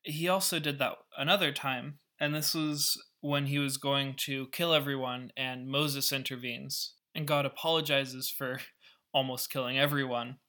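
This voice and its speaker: A man's voice: mid-range voice, fairly even intonation, a little slow, sharp tone. A man and podcast host who explains a scripture story in a casual, wry way, with asides. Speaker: podcast Bible teacher.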